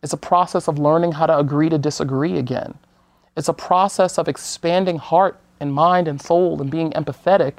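Calm, earnest woman guest, dry studio sound. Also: low voice, no room sound. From United States. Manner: measured, calm and earnest, with frequent restarts. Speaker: guest speaker on equity. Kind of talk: conversational talk-show interview.

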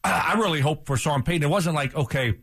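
A man's voice: on the high side, fast, fairly bright tone, breathy edge, no room sound, studio quality. Ranting, fired-up sports radio man. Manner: heated, ranting, repeats himself. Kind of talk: casual sports talk.

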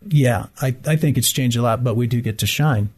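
A middle-aged Michigan man, interviewed casually, tells stories and acts out the people he quotes, growing animated when he does. His husky, medium-pitched voice runs a little fast.

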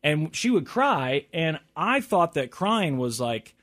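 A man's voice: on the high side, big pitch swings, normal speed, few pauses, a bit bright. A man in his thirties co-hosting a casual chat, easygoing and rambling, with frequent restarts. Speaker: co-host.

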